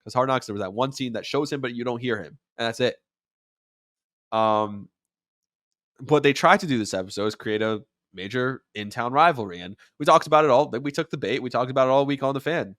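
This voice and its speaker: Male sports show host, mid-range voice, dry close sound; casual, animated, gets loud on quoted lines. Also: mid-range voice, normal speed, no room sound. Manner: animated, rising to near-shouts when acting out quotes. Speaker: podcast host and sports radio commentator.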